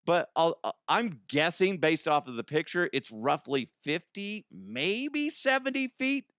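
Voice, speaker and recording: A man's voice: on the high side, big pitch swings, measured pace, a bit bright, no room sound, clean studio sound. A middle-aged man hosting a podcast in a casual comedic monologue, rambling and profane, congested from allergies. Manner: rambling, profane, laughs at own jokes. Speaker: podcast host.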